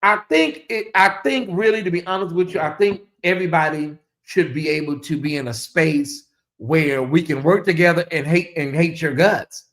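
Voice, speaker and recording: Blunt, animated livestream gossip host. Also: normal speed. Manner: animated, blunt and profane, with big swings in pitch. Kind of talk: live gossip commentary.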